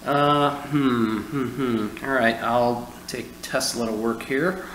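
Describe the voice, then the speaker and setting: A man's voice: medium pitch, steady tone, slow, a bit bright. A man with a Midwestern American accent co-hosting a casual board game playthrough, easygoing and thinking his moves through aloud. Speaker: co-host. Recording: echoey room, faint room noise.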